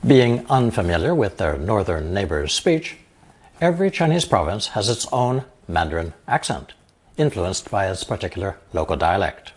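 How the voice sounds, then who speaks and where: A man teaching a recorded language lesson, explaining example phrases slowly and carefully. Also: low voice, very animated, breathy edge. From lives in Taiwan.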